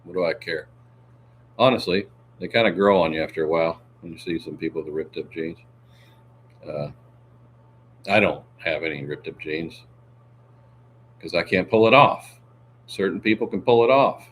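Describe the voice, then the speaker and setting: Low-voiced man chatting casually on a livestream. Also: moderate pace, pauses often, fairly bright tone, slight background noise. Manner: joking, laughs often, many fillers. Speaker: livestream host reading viewer comments.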